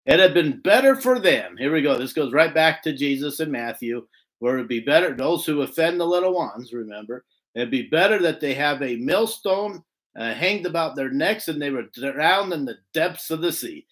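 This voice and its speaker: A man's voice: on the high side, animated, moderate pace, fairly bright tone. A man giving an earnest expository scripture lesson, often repeating words as he searches for the phrasing. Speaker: scripture teacher.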